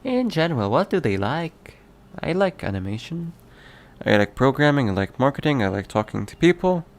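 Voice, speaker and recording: A man's voice: medium pitch, big pitch swings, moderate pace. A man chatting casually on a live stream as a game developer, playfully reading chat aloud and answering with frequent laughs.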